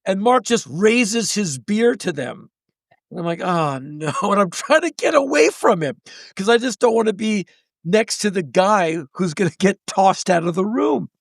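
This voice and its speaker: Gravelly, high-voiced man in his sixties telling stories. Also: normal speed, no echo, clean studio sound. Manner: animated storyteller who acts out the people in his stories. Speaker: podcast guest. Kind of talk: storytelling in conversation.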